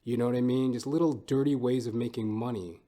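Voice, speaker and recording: A man's voice: mid-range voice, steady tone, a little fast, warm tone. A man in a mid-range voice hosts his own podcast from home. He rambles casually and swears often. He keeps turning the joke on himself. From Canada. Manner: profane, rambling, self-mocking. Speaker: podcast host. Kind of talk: casual comedic monologue.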